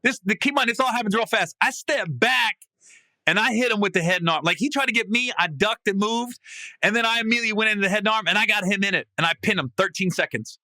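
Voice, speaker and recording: Telling a comedic story at a quick pace, this man hosting a podcast is casual, salty, and quick to swear. His animated delivery keeps breaking into loud, high laughing bursts, recorded on a podcast mic without room sound.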